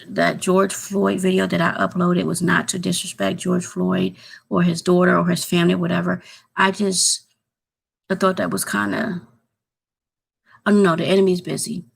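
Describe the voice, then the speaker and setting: Rambling gravelly-voiced woman vlogger. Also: lowish voice, fairly bright tone, rough recording. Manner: rambling, hesitant, repeats herself. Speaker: YouTube vlogger. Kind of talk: casual rambling chat to subscribers.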